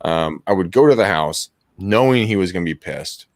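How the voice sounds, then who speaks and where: A man in his thirties, a real estate agent hosting a casual call session, telling stories with profanity and loud laughter. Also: low voice, expressive, moderate pace, no room sound, clean studio sound. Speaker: real estate agent hosting a live cold-calling stream. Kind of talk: casual chat, storytelling.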